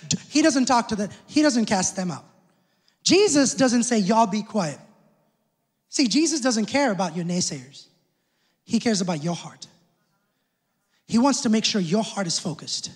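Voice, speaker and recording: Male pastor with a very high voice, delivering an emphatic sermon in a big echoing church hall. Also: animated, normal speed, pauses often, slightly rough. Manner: emphatic preaching with call-outs to the congregation. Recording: long church hall reverb.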